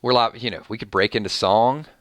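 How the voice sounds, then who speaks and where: A Georgia man with a Southern accent hosts a casual live stream, reading viewer names aloud in a chatty, rambling way full of restarts. His voice sits low, moves fast and sounds a bit bright. The recording is dry and studio-clean.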